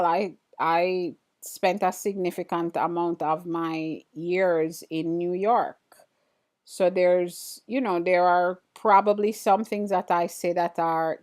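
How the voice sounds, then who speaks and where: A middle-aged woman talks with her live-stream audience in a relaxed, chatty way, taking her time. Her voice sits on the lower side and she speaks unhurriedly, turning to viewers directly as she answers their comments. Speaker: livestream host. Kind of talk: casual livestream chat, reading viewer comments.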